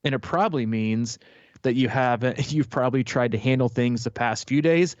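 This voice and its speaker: A man's voice: mid-range voice, moderate pace, darkish tone, no echo, muffled recording. A man coaching triathletes as a podcast host, talking casually and rambling with many fillers and restarts.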